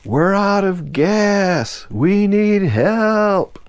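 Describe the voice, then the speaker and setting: A man voicing a young man stranded on a boat, shouting for help as loud as he can. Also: sits high, expressive, drawn-out words, smooth, dry recording, pitched above the performer's own voice, heavily acted. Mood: desperate. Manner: shouting at full strength.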